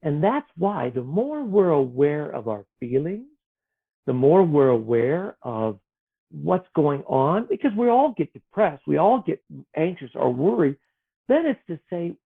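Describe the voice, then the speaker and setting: Man, gentle earnest talk, fairly high voice, lively swinging pitch, thin phone-like sound. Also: a little slow, husky. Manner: gentle, earnest, acts out his inner voices. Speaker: author guest. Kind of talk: reflective spiritual conversation. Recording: tinny phone-like line.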